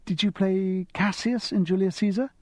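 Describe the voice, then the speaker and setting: A man's voice: high voice, steady tone, normal speed, no room sound, studio quality, voice pushed up. A man voicing a giggly, easily impressed upper-class teenage girl with an English public-school accent in an audiobook. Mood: girlish eager. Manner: girlish, bright, enthusiastic. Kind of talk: audiobook character voice.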